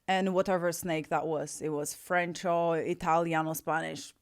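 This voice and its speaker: Young woman hosting a podcast, curious questions, lowish voice, laughs a lot. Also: flat delivery, normal speed. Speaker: podcast host. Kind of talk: casual interview chat.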